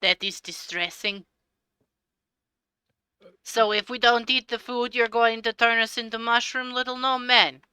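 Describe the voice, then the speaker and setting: Bright-voiced woman playing a tabletop game. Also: a little high, fairly even intonation, a little slow, long pauses, clear, resonant tone, no room sound.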